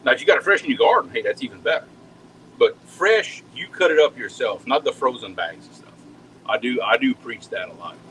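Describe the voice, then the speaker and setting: A man's voice: medium pitch, animated, brisk, a bit bright, a little hiss or hum, rough recording. A man, chatting casually with viewers while cooking at home, folksy and talkative, often repeating words as he goes. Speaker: home cook hosting a live cooking stream.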